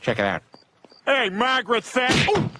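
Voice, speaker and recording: A man's voice: extremely high pitch, wildly swooping pitch, normal speed, noisy background, heavily acted. An actor playing a cocky cartoon man who shows off and mocks.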